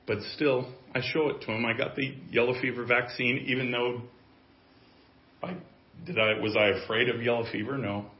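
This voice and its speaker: A male pastor delivering a sermon in a church, his voice at an ordinary middle pitch. He drops to near-murmured asides, then rises into loud, emphatic preaching. The audio is echoey and a little muffled. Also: flat delivery, moderate pace. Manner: swings from quiet musing to loud emphatic preaching.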